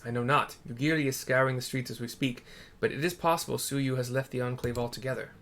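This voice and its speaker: A steady, solemn young lord gives his orders in formal, old-fashioned speech, read aloud by a man playing through a game. The voice stays close to an everyday man's middle pitch rather than a big character voice. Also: fast, lightly acted. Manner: solemn, formal archaic phrasing. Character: Hien, a steady young male lord and leader. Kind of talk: reading game dialogue aloud.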